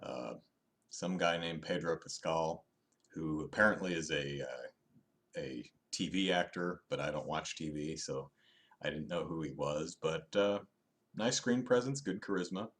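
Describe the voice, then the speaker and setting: Male host, low voice, offhand live-stream review, wry, self-deprecating, animated in spurts. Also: measured pace. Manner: frequent restarts and fillers, animated bursts.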